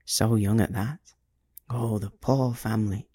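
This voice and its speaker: Storybook figure: a creepy thin-voiced companion, pitying and mocking, read by a man in a dark, husky tone. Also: mid-range voice, fairly even intonation, unhurried, no room sound, clean studio sound.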